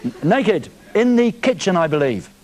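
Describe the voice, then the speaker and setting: A man's voice: high voice, big pitch swings, moderate pace, noisy background. A man hosting a live TV show from a studio, teasing a caller in a cheeky way. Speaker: TV presenter. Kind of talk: live TV banter.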